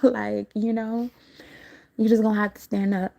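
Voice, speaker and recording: A woman speaks casually into her livestream, her voice gravelly with fry and softly mellow in tone. She rambles through her story, breaks into frequent laughs and swears without a second thought. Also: on the high side, fairly even intonation, normal speed. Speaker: livestream host recounting a dream.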